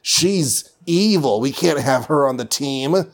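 A man voicing a grumpy, bigoted giant male superhero with a gruff, blustering manner. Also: medium pitch, lively intonation, slow, full character voice.

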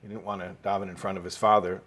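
A man's voice: low-pitched, level tone, fast, a bit bright. A man teaching a Torah class as a rabbi, telling a story and explaining it, with Hebrew and Yiddish words mixed in and rising emphasis.

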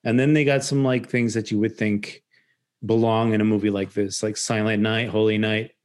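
A man's voice: fairly low pitch, level tone, normal speed, darkish tone. A man from Chicago co-hosting a casual podcast, telling loose stories with the odd swear. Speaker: podcast co-host. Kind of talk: casual chat.

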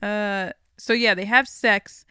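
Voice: mid-range voice, slow pace, clear, resonant tone, no room sound, clean studio sound. Young adult telling stories with laughs. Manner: animated storyteller, laughs often, swears freely. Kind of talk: casual podcast chat.

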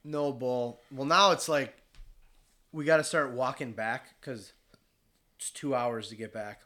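A man from Michigan telling a hunting story in casual chat, animated and swearing freely as he acts out the voices of the people in it. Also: medium pitch, measured pace.

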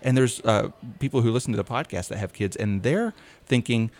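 A man co-hosting a podcast, telling lively stories in casual chat and laughing often. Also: lowish voice, fairly quick. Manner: animated storyteller, laughs often. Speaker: podcast co-host.

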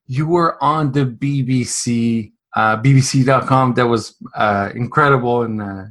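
A woman interviewer with a strikingly deep, low voice speaks hesitantly, pausing on fillers as she introduces her guest. She sounds set back from the microphone. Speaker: interview host. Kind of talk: casual interview.

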